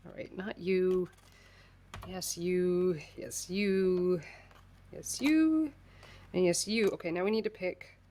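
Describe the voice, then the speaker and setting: Chatty woman with a lowish voice. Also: level tone, slow, a little mellow, slight background noise. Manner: chatty and rambling, laughs often, reads and answers chat. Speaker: livestream host. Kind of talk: casual chat with live viewers while crafting. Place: home craft table.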